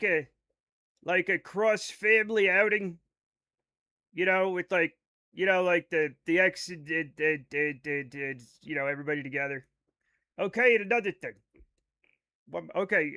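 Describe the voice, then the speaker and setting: A man's voice: sits high, sharp tone. A man with a Rhode Island accent, chatting casually on a live game stream, rambling as he reads chat aloud and riffs on it.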